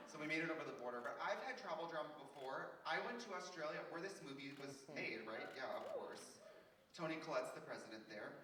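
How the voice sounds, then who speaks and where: Man, drag performer, live stand-up banter, campy storytelling, lively voice, far-off echoey noisy hall recording. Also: a little high, fast. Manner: chatty, campy storytelling with put-on quoted voices. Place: festival theater stage before an audience. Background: audience laughter.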